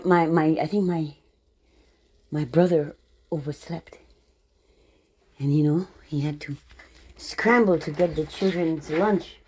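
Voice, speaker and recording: A woman's voice: sits low, a little hiss or hum. A woman from the Caribbean with a Caribbean accent, talking casually and rambling, laughing often and restarting her sentences. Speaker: vlogger. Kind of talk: casual monologue.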